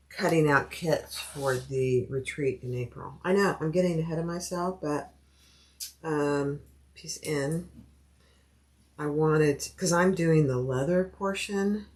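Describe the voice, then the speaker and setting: Low, unhurried woman chatting while sewing. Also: slight background noise. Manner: chatty, thinking aloud, greeting viewers by name. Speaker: sewing livestream host. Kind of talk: casual livestream chat while cutting fabric.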